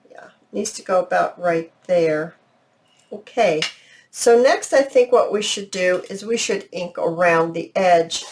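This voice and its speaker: A woman hosting a crafting video, thinking aloud in a chatty, unhurried way. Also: medium pitch, a little hiss or hum. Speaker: crafting channel host. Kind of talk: casual craft tutorial narration.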